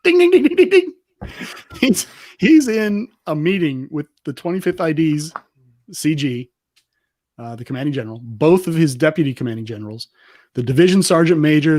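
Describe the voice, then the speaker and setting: Man, podcast guest, lively storyteller, military veteran, dry close sound. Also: fairly high pitch, brisk, dry recording. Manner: lively anecdote teller, acts out quotes. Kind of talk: animated storytelling in casual chat.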